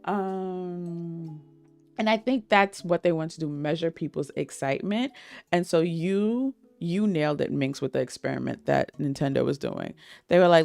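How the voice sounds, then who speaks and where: A woman's voice: low voice, lively intonation, measured pace, creaky, soft background music. A woman streamer chatting casually with her viewers while playing, laughing often and greeting people in chat. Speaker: game streamer.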